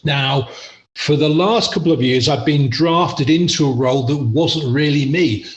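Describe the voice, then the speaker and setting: A man's voice: a little high, unhurried, reverberant, dull audio. A middle-aged English man, a podcast guest, telling stories in a chatty, self-deprecating way and laughing often. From England. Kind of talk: casual storytelling interview.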